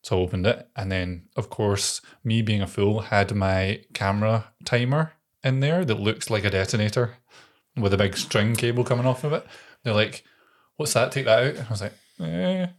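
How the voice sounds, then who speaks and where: A young man chats on a podcast in a somewhat low voice. He tells rambling anecdotes and laughs often, sounding relaxed and easygoing. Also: moderate pace. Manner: chatty storyteller, laughs often. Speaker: podcast co-host. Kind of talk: casual chat.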